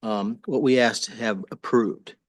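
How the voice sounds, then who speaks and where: Halting man testifying as an attorney. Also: mid-range voice, fairly even intonation, no echo. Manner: hesitant, halting, frequent restarts. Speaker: attorney addressing a state board. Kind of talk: formal testimony at a public meeting. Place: government hearing room.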